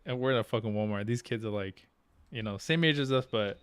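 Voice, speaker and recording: A man's voice: on the low side, lively intonation, fairly quick, sharp tone, clear, resonant tone, dry recording, clean studio sound. A young man co-hosting a podcast, telling stories in casual chat, laughing often and swearing freely in slang. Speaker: podcast co-host.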